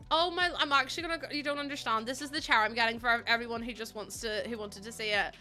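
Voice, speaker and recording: A young woman livestreaming in casual chat, excitable and gushing, often breaking into laughter. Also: high voice, quick pace, few pauses, soft background music. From Northern Ireland.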